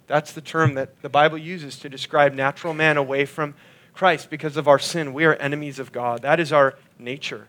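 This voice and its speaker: A man preaching a sermon, earnestly expounding scripture and slowing down and dropping his voice on key lines. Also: medium pitch, fairly bright tone. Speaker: pastor.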